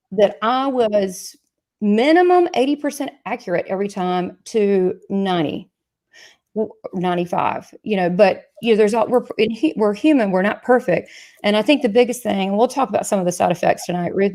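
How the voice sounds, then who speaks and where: A woman with a Southern US accent hosts a live online chat show. She is talkative and excitable, jokes about herself and drifts into asides. She speaks at an ordinary pitch into a computer microphone. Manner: chatty, excitable, self-mocking, sales pitch asides. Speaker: medium and show host.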